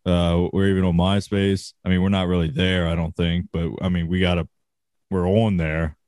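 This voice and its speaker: A man's voice: sits low, level tone, moderate pace, darkish tone, dry recording, clean studio sound. A man co-hosting a casual podcast, sarcastic and ranting with plenty of swearing. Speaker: podcast co-host.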